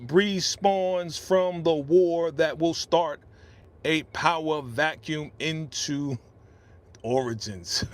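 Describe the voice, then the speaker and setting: A middle-aged man hosting a casual live-stream reaction, ranting with feeling and reading out viewer comments on a podcast microphone. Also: fairly high pitch. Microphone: podcast studio microphone.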